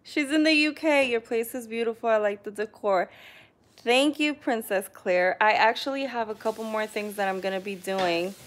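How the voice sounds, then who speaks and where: A woman casually chatting on a live stream, reading viewer comments aloud and often clearing her throat. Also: mid-range voice, normal speed. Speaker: vlogger hosting a live stream.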